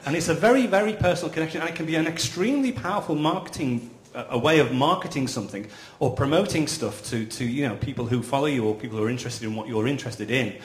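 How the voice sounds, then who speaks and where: A man's voice: medium pitch, quick pace, hardly any pauses. A man speaking on a panel at a live event as a full-time podcaster, explaining earnestly and repeating words as he builds his sentences. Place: event venue, indoors. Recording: echoey room.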